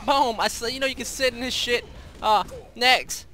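A man's voice: very high voice, moderate pace, bright, forceful tone. A young man giving brash, profane, boastful commentary over his own gameplay. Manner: brash, profane, trash-talking. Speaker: streamer. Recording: faint background noise.

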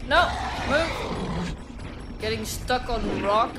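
Woman gamer, high voice, slow talk, cursing and fretting, loud game music behind. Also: lively intonation. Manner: swears often and frets loudly at the game. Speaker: gaming streamer. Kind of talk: blind let's play commentary.

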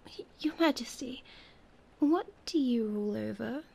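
A timid little boy prince speaks high and hesitant in a breathy whisper, as a woman voices him in a whispered role-play. His voice sounds shy and curious. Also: a little slow, mellow, exaggerated voice.

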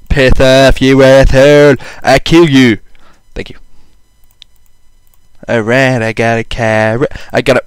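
Swearing young gamer, crisp dry voice. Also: male voice, medium pitch, little pitch movement, takes it slowly, long pauses, no echo. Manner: swears often, self-mocking, sudden loud outbursts. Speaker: gaming channel host. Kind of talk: casual gameplay commentary.

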